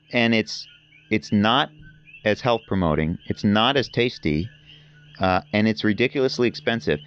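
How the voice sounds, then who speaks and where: A man's voice: mid-range voice, dull audio. A man talking as a podcast guest in casual conversation, telling rambling, enthusiastic stories.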